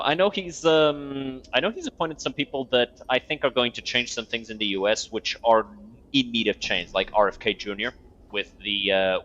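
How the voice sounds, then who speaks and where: A man's voice: mid-range voice, a bit bright. A man streaming a video game, chatting casually with rambling asides and freely swearing. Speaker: gaming streamer. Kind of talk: casual gameplay chat. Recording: dull lo-fi sound, faint game music.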